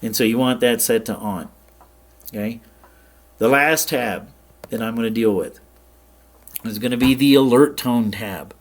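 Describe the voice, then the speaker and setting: A man at mid pitch talks a viewer through software settings in an easygoing tutorial. He explains in a plain, relaxed way and stops now and then to check that the viewer is following. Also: unhurried, pauses often. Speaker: ham radio tutorial host. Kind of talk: casual screen-share tutorial.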